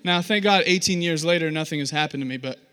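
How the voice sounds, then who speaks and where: A man's voice: on the high side, quick pace, smooth. A young man preaching a sermon, telling stories with acted-out voices and poking fun at himself. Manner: animated, self-deprecating storytelling with acted-out voices.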